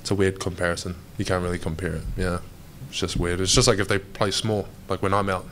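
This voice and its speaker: A man's voice: low voice, flat delivery, fast talker, a bit bright, slight background noise. A young New Zealand man answering reporters' questions in a casual, rambling way, dropping "mate" into nearly every sentence. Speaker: pro basketball player. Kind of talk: media day press interview.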